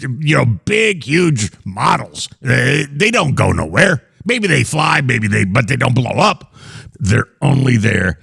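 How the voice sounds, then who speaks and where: Man, host, comedic reaction, gravelly husky voice, lively pitch, dry sound. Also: a little slow, no echo. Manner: dismissive, rambling, joking. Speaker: show host.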